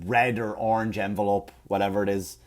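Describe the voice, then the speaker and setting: A man's voice: fairly low pitch, level tone, a little fast. A man, hosting a comedy podcast and telling a story as a rant, full of swearing and acted-out quotes. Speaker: podcast host.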